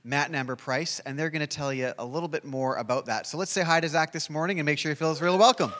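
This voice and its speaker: A man in his thirties at a church, giving a friendly, halting introduction of a visiting guest. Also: fairly high pitch, fairly bright tone. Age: 30s. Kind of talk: church announcement. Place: church sanctuary. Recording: long hall reverb.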